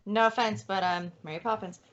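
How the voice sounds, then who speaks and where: A woman co-hosting a casual podcast chat, giggly and animated. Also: mid-range voice, brisk. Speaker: podcast co-host. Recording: dull lo-fi podcast audio.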